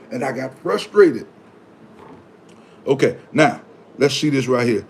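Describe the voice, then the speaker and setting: Animated man giving casual life advice. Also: normal speed, long pauses. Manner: animated, acts out his own past reactions in high yelps. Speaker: vlogger reading viewer comments. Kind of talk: casual motivational talk.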